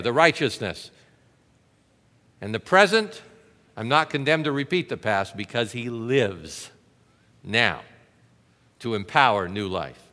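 Male pastor, sermon delivery, emphatic and interactive, bright tone with a long hall reverb. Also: high voice. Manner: emphatic preaching with rhetorical questions and audience interaction.

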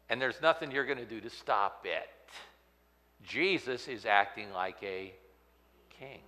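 A man preaching a sermon, swinging from loud outbursts to hushed, near-whispered lines. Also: medium pitch, animated, measured pace, in a large hall. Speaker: pastor.

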